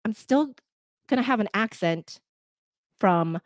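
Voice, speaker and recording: A woman from Canada with a North American accent, a podcast editor talking to listeners in a lively, conversational way with fillers. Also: mid-range voice, slow pace, dry recording, clean studio sound. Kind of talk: talk to listeners.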